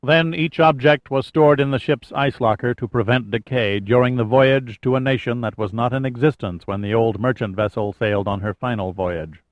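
A male audiobook narrator telling an adventure story in a steady, measured way. His voice sits in a middle pitch. The recording is close and dry, with a slightly dull, muffled tone. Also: dry recording. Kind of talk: scripted narration.

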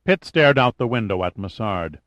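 A man reading an audiobook in a measured storytelling manner, in a dull lo-fi recording. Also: fairly low pitch, expressive, fairly bright tone, dry recording. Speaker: audiobook narrator. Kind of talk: scripted narration.

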